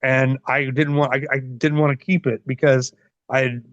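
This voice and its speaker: A man in his forties, a wrestler being interviewed, telling stories in a casual, profane, animated way. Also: medium pitch, moderate pace, no echo. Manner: profane, animated, laughs often. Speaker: wrestler guest. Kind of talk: casual storytelling. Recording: dull lo-fi dry sound.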